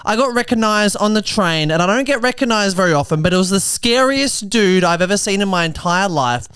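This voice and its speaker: Australian man in his twenties, smooth voice. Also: high-pitched, animated, a bit bright, no room sound. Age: 20s. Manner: quick, chatty storytelling with asides. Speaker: podcast host and comedian. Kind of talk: comedic monologue turning to social commentary.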